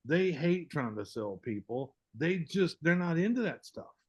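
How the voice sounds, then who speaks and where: Folksy man with a slightly high voice. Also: lively intonation, a little slow, breathy edge. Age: older. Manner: folksy storytelling, acts out both sides of a conversation. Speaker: network marketing presenter. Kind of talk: casual webinar talk. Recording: dull lo-fi webinar audio.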